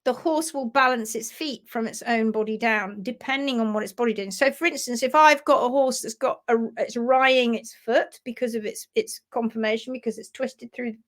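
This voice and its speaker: A woman's voice: a little high, normal speed, hardly any pauses. A woman presenting a casual live stream on hoof care, chatty and giggly.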